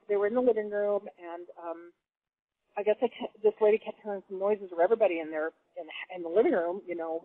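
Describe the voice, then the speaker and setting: A woman from the Pacific Northwest, telling stories in casual chat as a caller, animated and laughing often. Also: mid-range voice, dry recording. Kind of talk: casual storytelling. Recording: tinny phone line, dry.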